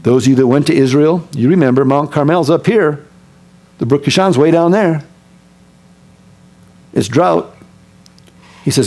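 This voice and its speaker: A man preaching a sermon as pastor, telling stories in an animated way, acting out scenes and dropping to a soft voice for emphasis. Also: medium pitch, fairly quick, vocal fry, long pauses. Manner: drops to a soft, quiet voice for emphasis.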